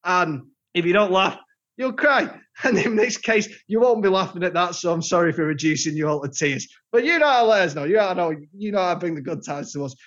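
A man's voice: high-pitched, fast talker, a bit bright. A man co-hosting a podcast, rambling through self-mocking jokes in casual chat. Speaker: podcast co-host. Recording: dull lo-fi podcast audio.

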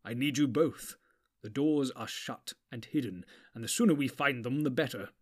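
A commanding old wizard, as a male narrator puts him on. He speaks slowly and with weight. It is a storybook reading. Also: medium pitch, husky, natural voice. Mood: grave. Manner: slow, weighty, deliberate. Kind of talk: audiobook character voice.

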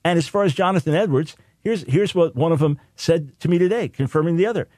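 A man's voice: a little high, fast, darkish tone, no room sound. A man hosting a talk radio show, arguing his points emphatically and repeating them for stress.

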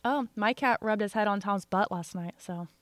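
A woman joins the chat over a remote call, and the recording of her voice sounds dry, with no room around it. Her pitch is middle of the road. She drops quick, teasing asides with dry humor throughout. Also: dry recording. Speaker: podcast co-host. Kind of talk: casual chat.

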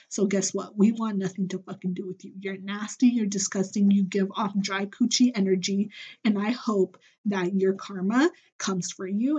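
A woman's voice: mid-range voice, dark tone, husky, lo-fi sound. A young woman hosting a solo podcast, venting bluntly and heatedly with lots of profanity. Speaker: podcast host.

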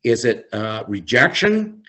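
A man speaks in an unhurried, deliberate way, leaning on repeated phrases as he reads and reflects on scripture. His voice sits at an ordinary middle pitch, and he leads a small faith-based recovery group. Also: big pitch swings, pushed and bright. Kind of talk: devotional teaching.

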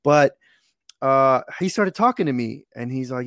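A man's voice: medium pitch, measured pace, dry recording, studio quality. A young man from Texas telling a rambling, profane story in casual podcast chat. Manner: rambling, profane, animated retelling.

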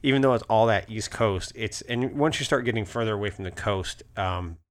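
A man's voice: on the low side, brisk. Rambling male podcast host. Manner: rambling, many fillers and restarts, laughs often. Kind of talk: casual interview chat.

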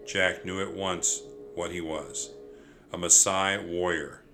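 A man narrating a children's chapter book in a clear, steady storytelling manner. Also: low voice, slow, over music.

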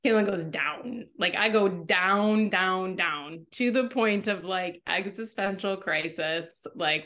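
Casting: woman podcast co-host, mid-range voice, casual and animated, plays her own inner voice in quick bursts. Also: medium pitch. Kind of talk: casual chat.

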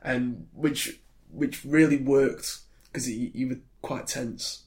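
A man's voice: medium pitch, steady tone, takes it slowly. A British man co-hosting a casual podcast about films. He rambles, with lots of ums and restarts. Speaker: podcast co-host. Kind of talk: casual film chat.

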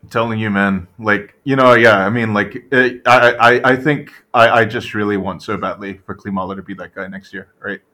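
Chatty man, bright forceful tone. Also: lowish voice, normal speed, hardly any pauses. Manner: animated, full of "right?" tag questions and fillers. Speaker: podcast co-host. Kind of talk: casual sports podcast chat.

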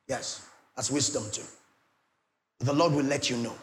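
A middle-aged Nigerian man preaching a sermon, swinging between loud declarations and soft pleading asides. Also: fairly high pitch, moderate pace. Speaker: pastor.

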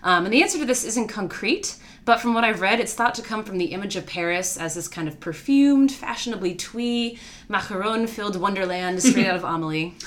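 Bright-voiced woman, wry and playful. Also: mid-range voice, expressive. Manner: wry, playful, quick to laugh. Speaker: podcast co-host. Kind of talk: casual chat presenting researched topic.

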